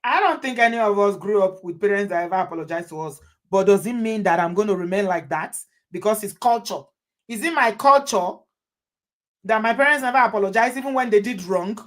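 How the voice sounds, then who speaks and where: A woman's voice: medium pitch, brisk. A woman hosting, giving advice to viewers in an emphatic way and repeating her points. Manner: emphatic, repeats phrases for effect. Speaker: host.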